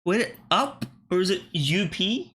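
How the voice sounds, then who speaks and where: A man's voice: high-pitched, lively intonation, slow, bright, forceful tone, a little hiss or hum. A man, thinking aloud and swearing casually as he gives let's-play commentary on word puzzles. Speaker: gaming channel host.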